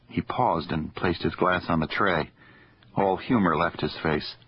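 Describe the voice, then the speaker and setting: Deep-voiced male audiobook narrator. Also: unhurried, husky, highs cut off. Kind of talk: scripted narration.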